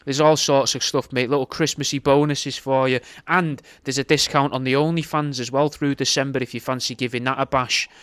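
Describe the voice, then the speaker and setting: A male podcast host gives a chatty, offhand plug. His voice is smooth and crisp, recorded close in a dry, dead space. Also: mid-range voice, little pitch movement, a little fast, few pauses, a bit bright, dry recording. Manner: chatty and offhand, calls listeners mate.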